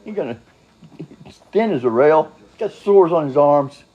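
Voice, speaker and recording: A man's voice: on the high side, lively intonation, unhurried, highs cut off. An older man telling his own story in a rambling, casual monologue, blunt and profane, chuckling and drifting off on tangents.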